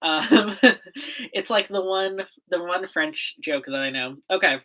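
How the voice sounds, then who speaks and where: On her livestream, a young woman from the US chats in a relaxed, bubbly way, giggling and laughing with lots of fillers. She talks unhurriedly, her voice on the low side with a slight brightness.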